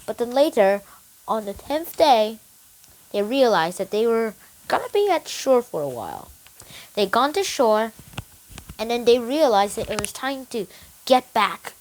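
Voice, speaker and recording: Brief: a young reviewer retelling a book, animated and bouncy in pitch. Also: a little slow, pauses often, low-quality recording. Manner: animated, excited storytelling with restarts. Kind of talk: casual retelling of a story.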